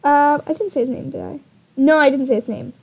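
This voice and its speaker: A woman's voice: sits high, brisk, vocal fry, a little mellow. A young woman YouTuber telling a dating story in a casual, exasperated vlog style, often laughing.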